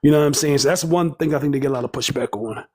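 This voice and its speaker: A man in casual podcast chat, earnest and halting, stopping often to find his words. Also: a little high, darkish tone. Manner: halting, many fillers, earnest.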